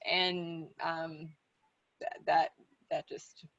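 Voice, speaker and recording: A woman speaks slowly and hesitantly in a video meeting, stopping often on fillers. Her voice sits fairly low, and the sound is dry and muffled. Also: flat delivery, fairly bright tone, no room sound. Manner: hesitant, halting, many fillers. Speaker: meeting participant.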